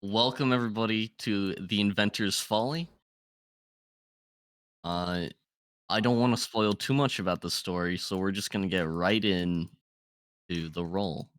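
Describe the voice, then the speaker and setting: A man's voice: fairly low pitch, a little slow, pauses often, dry recording. A man running a tabletop game as game master, joking and swearing between narration. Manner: laughing, swearing banter. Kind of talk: casual chat and tabletop narration.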